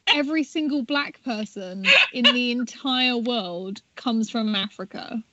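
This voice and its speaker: A woman playing a tabletop game, quick to tease and argue back. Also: a little high, dull audio, heavy background noise. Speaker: player. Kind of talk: casual tabletop chat.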